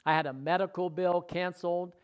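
A man's voice: sits high, fairly even intonation, a little fast, smooth. A man preaching a sermon, telling his own testimony earnestly, repeating phrases for emphasis and dropping his voice for asides.

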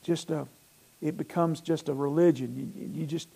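A male pastor from North Alabama with a Southern accent, preaching a sermon in a church, retelling scripture with animated, emphatic bursts. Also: a little high, moderate pace, gravelly, husky.

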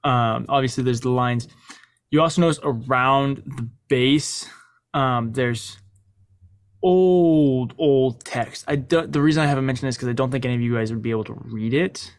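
A man running a tabletop game as game master, describing scenes in a loose, unhurried way with frequent fillers. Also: mid-range voice, fairly even intonation, no echo, clean studio sound.

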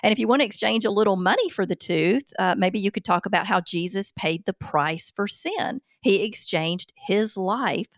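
A woman's voice: medium pitch, lively intonation, normal speed, few pauses, dry recording, studio quality. A woman hosting a podcast and answering listener questions in a chatty, self-deprecating way, with frequent ums. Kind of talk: casual chat.

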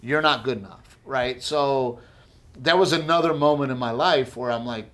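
A man's voice: medium pitch, normal speed. A man telling a funny personal story in casual chat, acting out other people's lines, swearing and laughing as he goes. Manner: animated storyteller who acts out quoted voices, swears, laughs often. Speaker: comedian, co-host.

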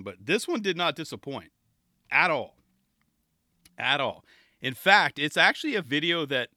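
A man's voice: mid-range voice, sharp tone, no echo, clean studio sound. A man hosting a podcast on his own, chatting casually and enthusiastically, often restarting his sentences. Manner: rambling, enthusiastic, self-interrupting. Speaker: podcast host. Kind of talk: casual solo podcast talk.

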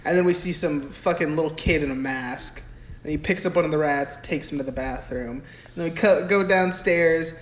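A young man co-hosting a casual movie podcast, recapping the plot in a crude, profane, animated way. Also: a little high, moderate pace. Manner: crude, profane, animated retelling with mimicked quotes. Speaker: podcast co-host. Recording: echoey room with faint background hiss.

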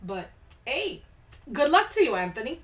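A woman's voice: sits high, very animated, moderate pace. A woman hosting a casual podcast, reading listener stories aloud and reacting with blunt, laid-back asides. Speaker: podcast host. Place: home studio room. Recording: echoey room.

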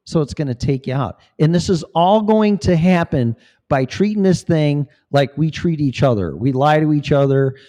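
A man's voice: fairly high pitch, lively intonation, normal speed, dark tone. A man talking in a rambling, profane, preachy monologue as a vlogger. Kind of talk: casual monologue.

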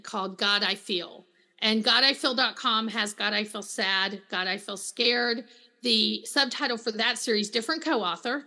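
A middle-aged woman, a counselor and author, chatting as an interview guest and telling stories with lively quoted voices. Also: mid-range voice. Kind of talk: casual interview chat.

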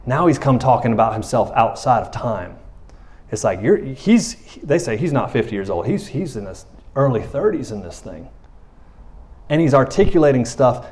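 A man preaching in a loose, conversational way, often checking in with his listeners and dropping to a quiet voice for emphasis. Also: mid-range voice, sing-song, moderate pace. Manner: conversational, often asks 'you know what I'm saying', drops soft for emphasis. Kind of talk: informal sermon.

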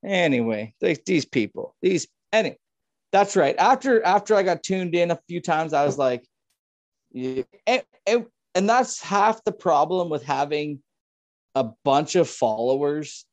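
A man's voice: on the high side, animated, measured pace, dry recording. A man from Ontario, Canada, a farmer talking as a podcast guest over a video call, ranting casually and swearing a lot. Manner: profane, ranting. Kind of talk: casual chat.

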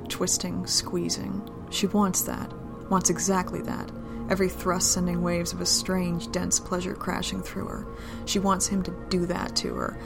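Low-voiced, gravelly woman narrating a story. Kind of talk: reading an adult romance story aloud.

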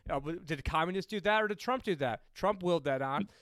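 A man's voice: fairly high pitch, expressive, fast talker, a bit bright, no echo. A man co-hosting a podcast, ranting heatedly about money and politics, swearing and rambling with many fillers and restarts. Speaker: podcast co-host. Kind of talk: casual political and money talk.

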